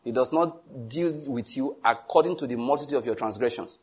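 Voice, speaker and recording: A man's voice: mid-range voice, a little fast, breathy edge. A middle-aged male pastor preaching a sermon, telling stories with a jovial, teasing manner and frequent chuckles. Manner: teasing, animated asides.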